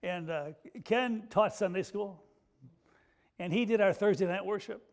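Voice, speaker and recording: A male pastor with a high voice preaches a sermon full of folksy, self-deprecating stories, going soft and slow when the moment turns emotional.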